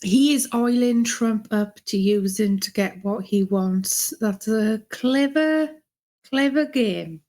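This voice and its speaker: A woman co-hosting a podcast in casual political chat, measured and cautionary. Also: a little high, a little mellow. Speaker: podcast co-host.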